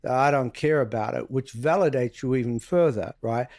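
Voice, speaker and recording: Man, interview guest, blunt, swears freely, acts out dialogue, keeps saying "right?", middle pitch. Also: normal speed, darkish tone. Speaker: guest, private investigator. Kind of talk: casual storytelling interview.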